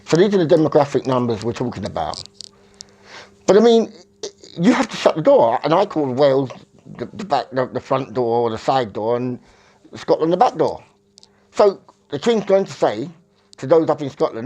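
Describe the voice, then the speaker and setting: A man's voice: medium pitch, sing-song, moderate pace, darkish tone. A man from England, talking in a rambling, self-correcting monologue that searches for words. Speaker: vlogger.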